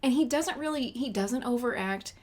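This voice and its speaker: Woman co-host, casual podcast movie chat, lively and laughing. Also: a little high, moderate pace. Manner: chatty, animated, laughs often.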